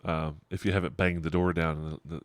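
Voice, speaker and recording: A man's voice: deep voice, level tone, fast talker, dry recording, clean studio sound. A middle-aged man narrating a tabletop game as game master, describing scenes in a rambling, digressive way and chuckling often.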